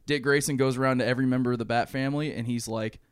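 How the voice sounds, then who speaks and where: A man's voice: medium pitch, racing, smooth, dry recording, clean studio sound. A young man on a podcast, casually retelling a movie plot and acting out the characters' lines with plenty of swearing. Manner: animated storytelling, acting out characters' lines, frequent swearing and laughs. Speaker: podcast co-host.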